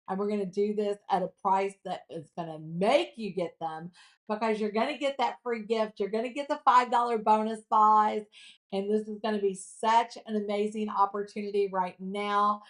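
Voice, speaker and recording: A woman in her late fifties hosts a live jewelry shopping show. She talks in a chatty, gushing way and reads viewer comments aloud between the sales pitches. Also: steady tone, normal speed. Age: 50s.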